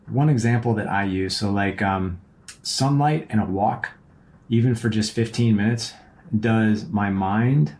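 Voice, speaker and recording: A man's voice: fairly low pitch, gravelly, darkish tone. A man hosting a podcast, giving casual relationship advice in an earnest, rambling way and often checking in with "right?". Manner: earnest, rambling, repeats words and keeps asking "right?". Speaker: podcast host and relationship coach.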